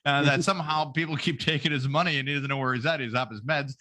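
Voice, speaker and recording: A man's voice: mid-range voice, steady tone, quick pace, pushed and bright. A man co-hosting a podcast in casual comedic chat, joking and rambling with fillers. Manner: joking, does mocking voices, rambling with fillers. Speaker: podcast co-host.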